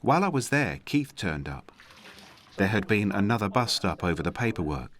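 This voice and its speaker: A man with a very low voice narrates a documentary in a measured, dry way. His pitch rises and falls freely as he tells the story. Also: sing-song, a bit bright. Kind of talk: scripted narration.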